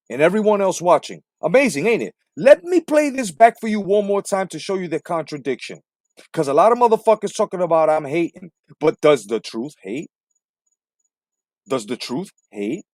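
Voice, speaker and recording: Fiery, animated man ranting. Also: on the high side, dry recording, studio quality. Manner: combative, repetitive, swearing heavily. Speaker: boxing commentary host. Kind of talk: profane live-stream rant.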